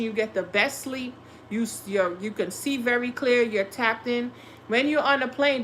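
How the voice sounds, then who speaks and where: Brightly toned casual tarot streamer woman. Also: on the high side, a little hiss or hum. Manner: blunt, profane, talks back to chat. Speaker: tarot livestream host. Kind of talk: casual livestream chat.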